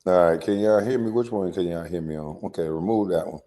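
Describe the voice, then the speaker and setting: A man in his forties hosts a casual livestream, telling stories in an animated, slangy way and laughing often. His voice is low and brisk.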